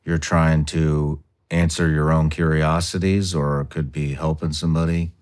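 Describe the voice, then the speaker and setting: A man hosting an interview, asking his questions in a halting way and repeating words as he works out what to say. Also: rumbling low, level tone, a little mellow. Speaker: podcast host.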